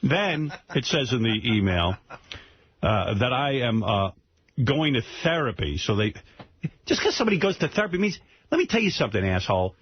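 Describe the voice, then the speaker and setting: A man hosts a radio show and tells a story with indignant, profane energy. His husky voice swings up and down with lively pitch. The broadcast sounds dull and lo-fi. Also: normal speed. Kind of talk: casual radio talk.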